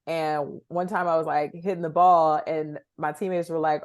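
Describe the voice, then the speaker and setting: A woman's voice: low-pitched, little pitch movement, normal speed, a little mellow, no room sound, clean studio sound. A young woman chatting casually on a podcast, an easygoing storyteller who giggles often. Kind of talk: casual chat.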